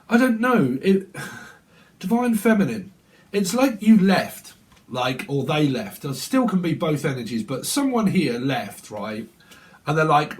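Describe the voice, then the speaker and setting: A man's voice: mid-range voice, sing-song, measured pace. A man giving a casual tarot reading at home, blunt, rambling and profane. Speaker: tarot reader. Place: at home, windy day.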